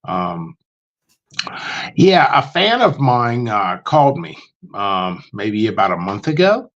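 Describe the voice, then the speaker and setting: A man's voice: on the low side, big pitch swings, takes it slowly, a bit bright, muffled recording. A man telling stories in a casual livestream chat, rambling with lots of ums and restarts and putting on voices when he quotes people. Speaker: guest on a livestream chat show.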